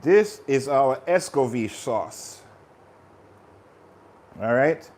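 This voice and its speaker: A man's voice: medium pitch, expressive, extremely slow, darkish tone. A man hosting a live cooking stream, chatting energetically and talking straight to his viewers. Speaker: cooking channel host.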